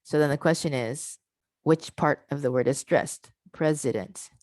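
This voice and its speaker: A woman with a notably low voice leads an online teaching workshop over a video call. She explains patiently, breaking words into parts and sounding each one out slowly. The sound is dry and close, with no room around it. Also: a little mellow, no room sound. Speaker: workshop presenter.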